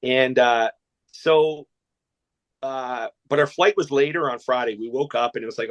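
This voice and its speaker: A man from Canada, a guest telling a long anecdote, rambling and animated, with lots of restarts. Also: mid-range voice, measured pace. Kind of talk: storytelling anecdote.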